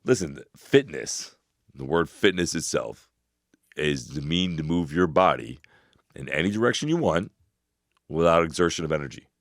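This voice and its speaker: A man in his forties co-hosting a casual advice podcast, giving fitness tips in a rambling way with loud laughs. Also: rumbling low, animated, dry recording, clean studio sound. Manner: laughs loudly, talks fast with restarts. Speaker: podcast co-host.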